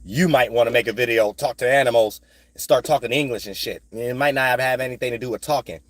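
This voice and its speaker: This spiritual vlogger speaks quickly at a medium pitch, recorded dry. His rambling monologue is streetwise and full of cursing, with phrases repeated in sing-song spurts and a steady "you know what I'm saying" to check you're following.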